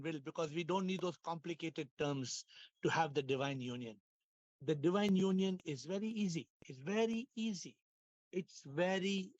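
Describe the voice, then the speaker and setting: Hoarse man leading a video-call class. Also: high-pitched, no echo, muffled recording. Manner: playful, laughing, repeats phrases, asks questions. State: hoarse, lost his voice. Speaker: spiritual teacher hosting an online class. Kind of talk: casual spiritual class talk.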